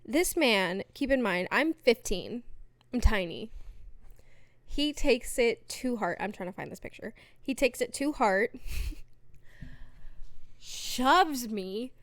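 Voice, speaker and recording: A young woman chats as a podcast guest, her voice pitched a little high and recorded dry and close. She tells her stories in an animated way, laughs often and fills her talk with "like" and "um.". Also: slow, long pauses, no echo. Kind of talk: casual storytelling chat.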